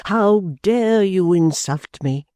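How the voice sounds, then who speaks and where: A reader voicing a proud, touchy elderly gentleman, pompous and slow, stalling on "ah" between stern phrases in a storybook reading. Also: medium pitch, expressive, no room sound, pitched above the performer's own voice. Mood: furious. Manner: pompous, hesitant "ah" fillers, slow stern speech.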